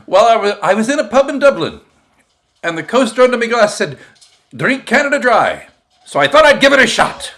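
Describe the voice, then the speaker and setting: A man's voice: very high-pitched, very animated, a little fast, a bit bright, pitched above the performer's own voice, heavily acted. A man voicing an Irishman in a bar joke, delivering the punchline in a jokey way. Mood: amused. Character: Irish man telling his story in a bar.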